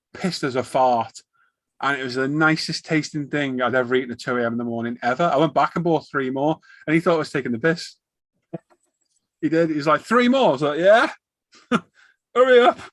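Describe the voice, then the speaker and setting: A man's voice: mid-range voice, dry recording. A man, hosting a live stream in casual chat and acting out funny shop stories. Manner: animated storyteller acting out shop exchanges.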